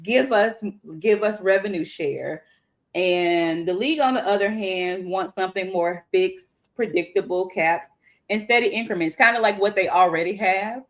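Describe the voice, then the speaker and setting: A woman's voice: mid-range voice, moderate pace. Chatty Southern woman podcast host. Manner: chatty, colloquial, self-interrupting. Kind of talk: casual podcast commentary.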